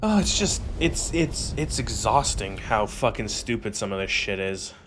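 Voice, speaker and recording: A man's voice: lowish voice, big pitch swings, moderate pace, noisy background. Exasperated sweary male game streamer. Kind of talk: casual game commentary.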